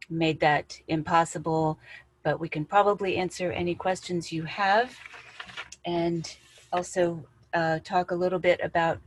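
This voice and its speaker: A woman with a fairly low voice runs a video meeting at a very unhurried pace. She keeps things organized and adds a dry joke now and then. The sound is close and dry. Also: no echo, low-quality recording. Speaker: school staff member hosting reunion. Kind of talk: meeting facilitation. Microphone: video call.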